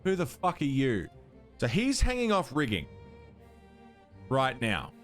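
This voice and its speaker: A man's voice: medium pitch, wildly swooping pitch, unhurried. A man thinking aloud as he streams a puzzle game, muttering and counting under his breath. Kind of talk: casual gameplay commentary. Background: game music.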